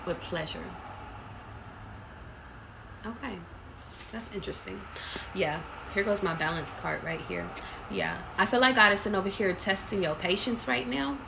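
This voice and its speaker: Woman tarot reader, mid-pitched, casual and blunt, swears freely, noisy background. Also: expressive, normal speed, vocal fry, long pauses. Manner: casual, blunt and profane, streams intuitive messages. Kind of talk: live tarot reading.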